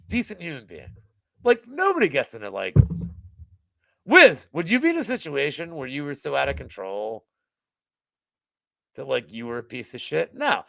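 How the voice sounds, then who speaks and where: A man's voice: fairly high pitch, creaky, pushed and bright, dry recording. A man telling a story in casual chat, rambling with constant fillers and frequent swearing. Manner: rambling, heavy use of "like", swears a lot. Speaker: podcast guest.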